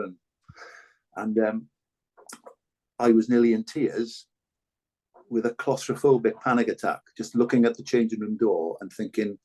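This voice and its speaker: An older man talks as a podcast guest, recounting his past in a candid, earnest way. His voice sits fairly low and he often stops and restarts mid-sentence. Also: steady tone, moderate pace, long pauses, darkish tone, breathy edge. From Wales. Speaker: podcast guest, former rugby full back. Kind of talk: reflective conversational storytelling.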